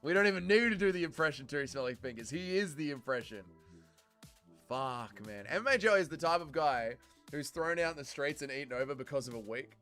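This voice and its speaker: A man hosting a live fight watch-along stream, talking casually with chat and yelling profane instructions at the fighters. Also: medium pitch. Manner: excitable, profane, yells at the fighters. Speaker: livestream host.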